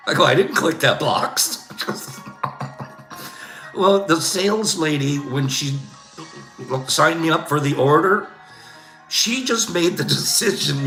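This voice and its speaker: A man's voice: a little high, lively intonation, a little slow, long pauses, sharp tone, roomy sound, soft background music. An older man hosting a casual livestream, telling rambling complaint stories with frequent laughs and a habitual "Okay?". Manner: chatty storyteller, laughs often, says "Okay?". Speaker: livestream host.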